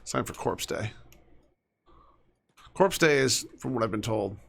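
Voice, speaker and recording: Gravelly-voiced man chatting over gameplay. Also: lowish voice, expressive, measured pace, a bit bright, slight background noise. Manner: chatty, talks to his game characters, drops to mutters. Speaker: gaming streamer. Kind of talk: casual gameplay commentary.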